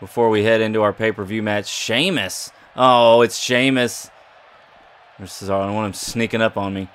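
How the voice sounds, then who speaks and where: A man's voice: on the low side, steady tone, normal speed, fairly bright tone, clean tone. A man giving playful, jokey commentary over a wrestling video game and talking back to its characters. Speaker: gaming YouTuber. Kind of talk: casual gameplay commentary.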